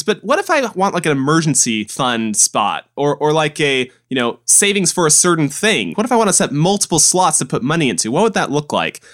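Animated, exasperated young man ranting. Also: a little high. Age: 20s. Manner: exasperated, animated, rhetorical questions. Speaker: podcast co-host. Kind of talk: casual ranting chat.

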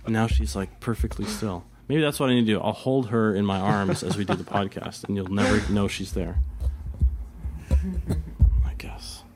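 A man's voice: on the low side, steady tone, brisk, hardly any pauses, darkish tone, slight background noise. A young man co-hosting a casual podcast, dry and teasing, laughing often. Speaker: podcast co-host and comic writer.

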